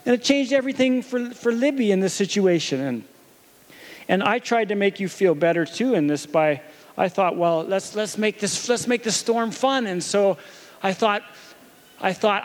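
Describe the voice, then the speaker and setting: Pastor, man in his thirties, high voice, gentle storytelling sermon. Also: moderate pace. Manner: storytelling, gentle, talks to his little daughter.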